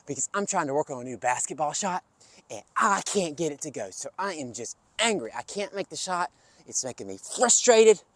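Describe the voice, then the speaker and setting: A man hosting an energetic kids' lesson, coaching children through calming breaths and movement. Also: on the high side, no room sound. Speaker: kids' fitness and social-emotional learning host.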